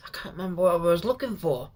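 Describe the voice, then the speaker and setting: A man from Britain recapping a day out in a casual vlog, rambling and excited, with many restarts. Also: high-pitched, fast talker. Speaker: YouTuber.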